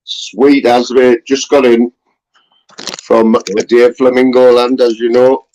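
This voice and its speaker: A man's voice: mid-range voice, little pitch movement, slow pace, a little mellow, dull audio, a little hiss or hum. Earnest man chatting. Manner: earnest, repeats "you know what I mean". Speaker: fellow streamer. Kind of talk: casual live-stream chat.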